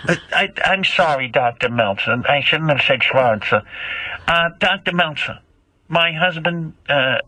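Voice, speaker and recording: A fretful old widow caller, put on by a man, stumbling hesitantly through each sentence with lots of uhs. The voice is bright and a little high. It is recorded dry and close. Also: animated, measured pace, no echo, heavily acted, poor audio. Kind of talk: comedy role-play call.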